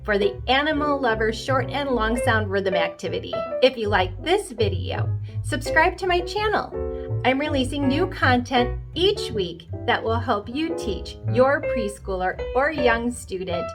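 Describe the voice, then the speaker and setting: A woman teaching a rhythm lesson for preschoolers, speaking slowly and clearly in a fairly high voice. She explains each step of the activity patiently. Soft music plays faintly behind her. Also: expressive. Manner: slow, clear, demonstrating rhythms by chanting. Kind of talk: instructional explanation.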